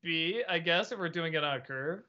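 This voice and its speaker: A man's voice: fairly high pitch, normal speed, lo-fi sound. A man chatting as a panelist on a livestream, musing aloud with hesitant restarts. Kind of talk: casual panel chat over a call.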